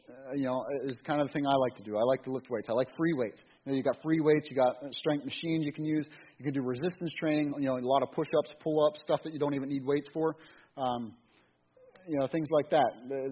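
Fast rambling man giving a casual sermon. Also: medium pitch. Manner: rambling, repeats words and restarts, folksy. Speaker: church speaker. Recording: dull lo-fi recording with faint hiss.

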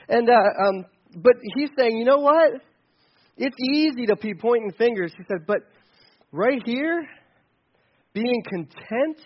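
A man's voice: extremely high pitch, animated, normal speed, lo-fi sound. A man preaching conversationally on a Bible passage, rambling and playfully acting out examples. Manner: casual, rambling, with playful acted-out asides. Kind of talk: conversational sermon.

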